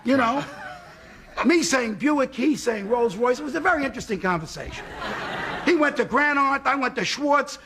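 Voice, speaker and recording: A man from Brooklyn, a talk show guest, telling a comic anecdote in an animated way and voicing both sides of the dialogue himself. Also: very high-pitched, background noise. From Brooklyn, New York.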